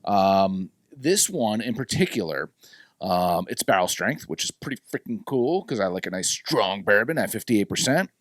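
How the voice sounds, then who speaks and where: A man hosts a casual podcast, his pitch bouncing up and down as he talks. He swings between loud bursts and quiet asides. The sound is close and dry, with no room around it. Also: big pitch swings, moderate pace, no room sound. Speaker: podcast host. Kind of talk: casual chat.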